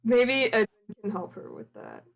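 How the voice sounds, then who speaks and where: A woman's voice: on the high side, animated, moderate pace, gravelly, poor audio. A woman playing a tabletop role-playing game, talking casually with short replies. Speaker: player.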